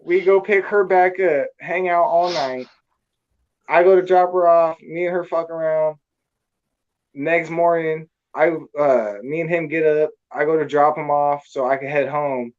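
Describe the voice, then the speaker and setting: A man's voice: a little high, steady tone, a little slow, darkish tone, lo-fi sound. Blunt, profane man telling a story. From California. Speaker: storyteller guest. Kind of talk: casual storytelling.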